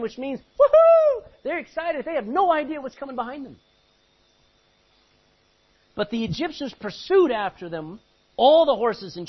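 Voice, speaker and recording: A man preaching a sermon, reading scripture aloud and breaking into sudden loud outbursts. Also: high-pitched, husky. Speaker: pastor. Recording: muffled lo-fi recording.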